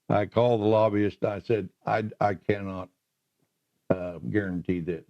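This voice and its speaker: An older man slowly recalling his career in an oral history interview, pausing often with "uh". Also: on the low side, warm tone. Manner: slow, halting storyteller with many "uh" pauses. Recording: muffled lo-fi recording.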